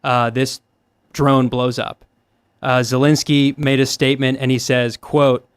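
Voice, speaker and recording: A man's voice: medium pitch, little pitch movement, measured pace, clear, resonant tone, no room sound, clean studio sound. A man appearing as a guest reporter on a talk show, speaking in a hesitant way full of fillers. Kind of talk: casual political chat.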